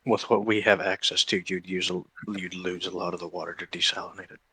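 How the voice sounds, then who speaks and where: A man's voice: low-pitched, level tone, fast, pushed and bright, breathy edge, dry recording. A man playing a tabletop game, casually arguing the details with a skeptical edge. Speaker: player.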